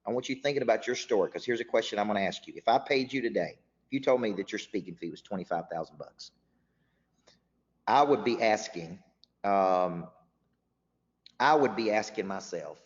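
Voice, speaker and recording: A man's voice: lowish voice, normal speed, pauses often. A man hosting a motivational webinar as a business coach, emphatic and often restarting his words. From Tennessee. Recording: muffled webinar audio with long reverb.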